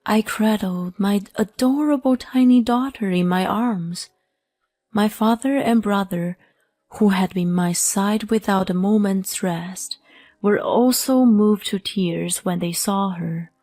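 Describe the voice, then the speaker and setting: A woman narrating a first-person story as scripted narration, in a slow, even manner. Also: mid-range voice, no room sound.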